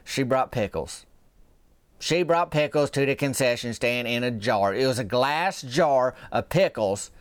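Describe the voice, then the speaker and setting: A man's voice: mid-range voice, a little slow, smooth, no echo. A man telling a folksy comic story in a rambling, drawling small-town gossip manner. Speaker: comedic podcast host.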